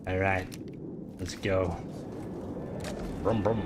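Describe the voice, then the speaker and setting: A man's voice: sits low, fairly even intonation, drawn-out words, noisy background. A young Irish man streaming a game, chatting casually in a rambling way full of filler words. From Ireland. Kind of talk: casual gameplay commentary.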